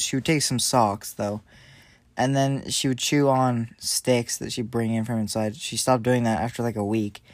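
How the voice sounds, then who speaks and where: A man's voice: mid-range voice, no room sound. A man co-hosting a casual chat, laid-back and joking, often laughing. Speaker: co-host.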